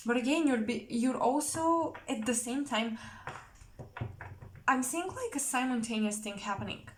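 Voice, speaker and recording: Chatty higher-voiced woman reading tarot. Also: lively intonation, measured pace, slight background noise. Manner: chatty, rambling, giggly, with many fillers and self-corrections. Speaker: tarot reader.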